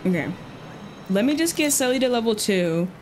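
A woman live streamer chatting casually and excitedly with her viewers while she plays, using lots of slang. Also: a little high, normal speed, noisy background.

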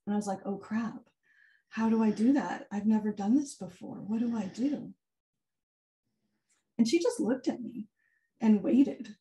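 A woman giving a keynote talk, telling a personal story in an animated way and acting out the quoted dialogue. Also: mid-range voice, measured pace, pauses often, slight background noise. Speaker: keynote speaker. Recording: far from the mic, some echo.

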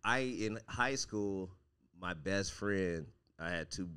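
A man who is a comedian, co-hosting a casual podcast chat and telling laid-back stories that drop into low murmurs. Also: takes it slowly, fairly bright tone, smooth.

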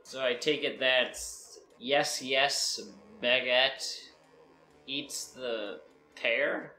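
Dry, deadpan comic straight man. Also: medium pitch, drawn-out words, echoey room, soft background music, rough recording. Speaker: co-host. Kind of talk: comedy sketch banter.

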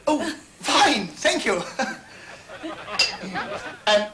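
An actor playing a clumsy, flustered son-in-law who makes dry, sarcastic asides. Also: male voice, extremely high pitch, very animated, extremely slow, a loud crowd, exaggerated voice, low-quality recording. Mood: flustered wry. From England. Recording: sitcom studio with audience laughter.

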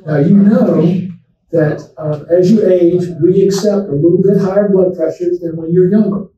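An older man gives a relaxed, folksy talk as a memory doctor. His voice is mellow and sits a little high, and it keeps turning to the crowd with asides. He is recorded from a distance in a very echoey room. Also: moderate pace, muffled recording, a little hiss or hum. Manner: folksy storytelling, addresses the audience directly. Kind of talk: conversational public talk to seniors.

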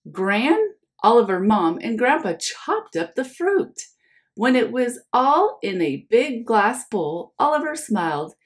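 A young woman teacher reads a picture book aloud to children, friendly and calling them her friends. She speaks slowly, with a lively, sing-song rise and fall. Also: fairly high pitch. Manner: friendly, addresses listeners as friends.

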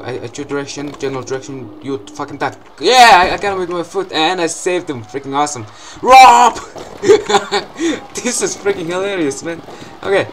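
A young man giving excitable gameplay commentary, swearing often and breaking into loud outbursts and laughs. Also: fairly high pitch, slight background noise, rough recording.

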